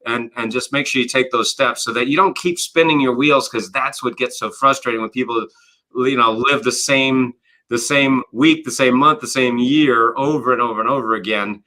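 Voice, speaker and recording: A man's voice: medium pitch, moderate pace. A man, a business coach and author, talking as an interview guest, with lots of "you know" and "right?" fillers and acted-out quotes. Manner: animated, explains with acted-out quotes and rhetorical questions. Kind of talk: conversational interview.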